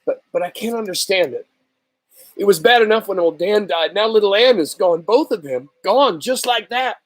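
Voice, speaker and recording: A man voicing a grieving boy in a story reading, high and choked as he pleads. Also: a little fast, no echo.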